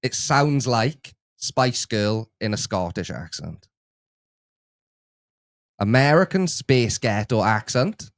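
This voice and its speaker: A young man hosting a reaction video in casual chat, animated and laughing, a little exasperated. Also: medium pitch, slow pace, pauses often, no room sound, studio quality.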